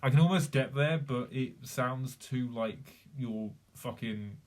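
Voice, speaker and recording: Male streamer, casual chat, rambling, self-deprecating, mid-pitched voice. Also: slow.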